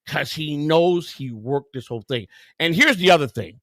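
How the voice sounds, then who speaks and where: A man's voice: a little high, lively intonation, moderate pace, a bit bright, no room sound. A man hosting a livestream, telling a heated, profane story full of quoted dialogue. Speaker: host.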